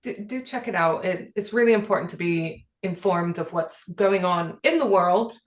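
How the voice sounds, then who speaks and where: A woman's voice: on the low side, moderate pace, reverberant. A woman who grew up in Britain, co-hosting a podcast and talking in an earnest, emotional way with many fillers. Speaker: podcast co-host. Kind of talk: casual chat.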